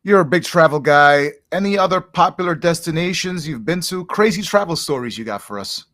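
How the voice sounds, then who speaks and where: Upbeat host man with a lively pitch. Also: a little fast. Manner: upbeat, reads out questions. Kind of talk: casual interview questions.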